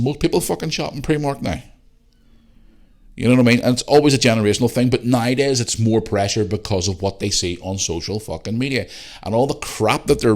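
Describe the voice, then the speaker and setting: Very low-voiced man ranting as host. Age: 40s. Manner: ranting, swears freely, emphatic repetition. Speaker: podcast host. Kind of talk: opinionated casual monologue.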